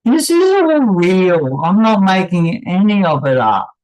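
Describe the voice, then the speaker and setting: Male channel host, unscripted commentary; unhurried, halting, wryly apologetic. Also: sits high, very animated, darkish tone, poor audio. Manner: halting, pausing, with many restarts; wry and apologetic asides.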